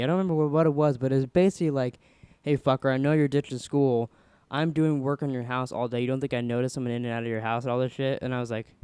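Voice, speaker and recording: A man's voice: clear, resonant tone, no room sound. A young man hosting a podcast, telling a story casually and acting out the people in it. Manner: animated, voices quoted people with pitch jumps. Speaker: podcast host.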